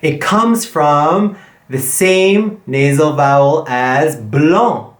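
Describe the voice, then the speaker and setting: A man teaching an online language lesson, repeating example words slowly and clearly for learners. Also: on the high side, reverberant. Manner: slow, drawn-out repetition of example words. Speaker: French pronunciation teacher.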